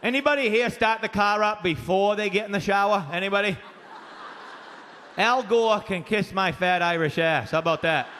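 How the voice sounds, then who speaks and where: High, bright-voiced Maine comic on stage. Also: male voice, moderate pace. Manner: rowdy, profane storytelling with acted-out voices. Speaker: stand-up comedian. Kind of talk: stand-up comedy. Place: comedy club stage. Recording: live club set with echoing reverb and faint room noise.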